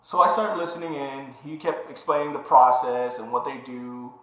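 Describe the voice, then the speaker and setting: A man's voice: mid-range voice, moderate pace. A young man casually telling his personal story to the camera, acting out the lines of the people in it. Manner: animated retelling, acting out quoted dialogue. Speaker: vlogger. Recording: roomy echo.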